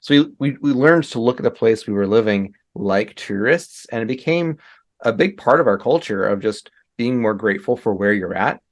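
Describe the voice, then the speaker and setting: A man's voice: on the low side, lively intonation, moderate pace. A man speaking as a guest on a casual podcast, talking in an easygoing, reflective way and laughing readily. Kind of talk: casual interview chat.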